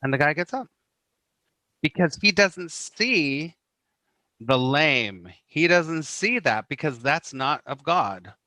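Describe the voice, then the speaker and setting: Brief: middle-aged male guest, crisp bright tone, dry close sound, lively storyteller. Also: fairly high pitch, slow pace, dry recording. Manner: animated storyteller, acts out quoted voices, many "you know"s. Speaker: guest, spiritual teacher. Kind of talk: casual podcast conversation.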